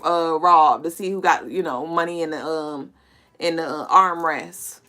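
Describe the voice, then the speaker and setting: Speaking in a low, unhurried voice that is bright and forceful, a woman hosts a casual collective intuitive reading. A spiritual reader and podcast host, she talks bluntly and animatedly, curses and laughs often, and speaks directly to listeners as "y'all" and "collective."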